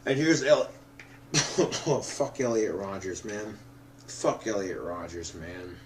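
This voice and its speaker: A drunk man rambling to the camera, swearing often and breaking into loud outbursts. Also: fairly low pitch, slow pace, noisy background. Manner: profane, swings into loud outbursts.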